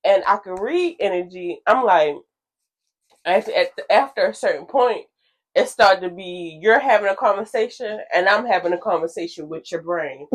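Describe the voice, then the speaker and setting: A woman co-hosting a podcast, chatting casually. She talks frankly about herself at a medium pitch and breaks into laughter often. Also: animated, normal speed. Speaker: podcast co-host. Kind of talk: casual chat.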